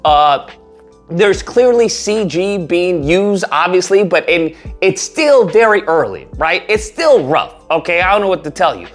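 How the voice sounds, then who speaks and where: Animated man giving casual commentary. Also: unhurried, soft background music. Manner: animated, mocks others in a high put-on voice. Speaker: online commentator.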